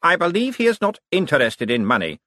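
A man's voice: fairly high pitch, huge pitch swings, fairly quick, bright, forceful tone, no room sound, studio quality, pitched above the performer's own voice, full character voice. A man voicing a stern stiff aristocrat. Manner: stern, clipped, composed. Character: stiff cold aristocratic man, brittle and proud. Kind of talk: audiobook character voice.

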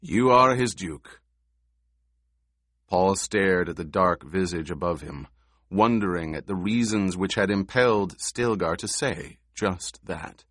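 Male audiobook narrator, very low voice, slow, dry close recording. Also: no room sound. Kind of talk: scripted narration.

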